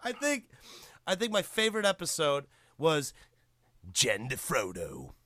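A man in casual chat about a TV comedy, excitable and profane, often breaking into laughter. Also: fairly high pitch, unhurried, dry recording, clean studio sound.

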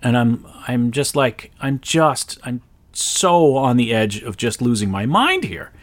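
A man's voice: medium pitch, a little slow. Exasperated man telling a story. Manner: exasperated, animated retelling with sharp jumps up when quoting himself. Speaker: podcast host. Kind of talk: casual storytelling monologue.

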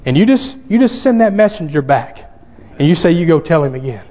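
A man preaching a sermon, fervent and growing excited as he quotes scripture. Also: fairly high pitch, fairly quick. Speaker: pastor. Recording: dull lo-fi sound with long hall reverb.

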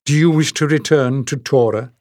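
A man reading aloud, voicing a calm, weary woman leader in a storybook with little change to his own voice. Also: mid-range voice, normal speed, no room sound, studio quality, voice pushed up, lightly acted. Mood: careful.

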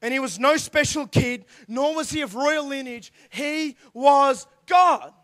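A man preaching an energetic youth sermon, acting out characters and swinging from quiet asides to shouts. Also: very high voice, normal speed. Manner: animated, acts out angels' voices, swings from quiet asides to shouts. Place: church youth hall.

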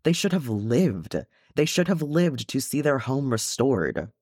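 A brash, earnest young dwarf man, as a male narrator voices him, pushing his voice higher than the reader's own. He talks in an impassioned way, with a wide swing of pitch. Close, dry sound. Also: sing-song, a little slow, a little mellow, dry recording. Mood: anguished.

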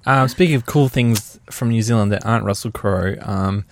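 Laid back guy on a podcast, low gravelly voice, rambles and laughs a lot. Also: moderate pace, no room sound. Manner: rambling, laughs through his jokes. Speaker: podcast co-host. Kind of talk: casual chat.

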